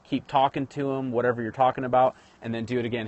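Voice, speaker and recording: This livestream host, a man with a medium-pitched, level, slightly mellow voice, talks fast as he casually teaches viewers how to build sales rapport. He keeps restarting and speaking straight to his audience, and the audio is dull but free of echo.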